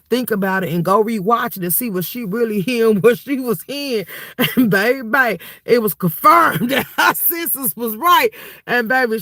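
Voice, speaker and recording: Woman livestream host, bright tense voice, dry close sound, animated gossip, tired. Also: fairly high pitch, no echo. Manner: animated, laughing gossip with frequent "baby" and "y'all". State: tired and cold. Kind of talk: casual livestream chat.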